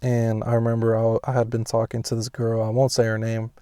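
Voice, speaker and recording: A young man telling a personal story casually, swearing heavily and rambling with restarts, and getting loud and high when he reenacts scenes. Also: monotone, a little fast, clean tone, no room sound, studio quality. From Pasadena, California. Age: young adult.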